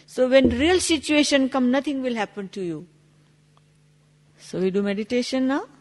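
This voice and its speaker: A woman's voice: high voice, moderate pace, big-room sound. A woman giving a spiritual talk, telling a story with acted-out dialogue in non-native English. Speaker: spiritual teacher.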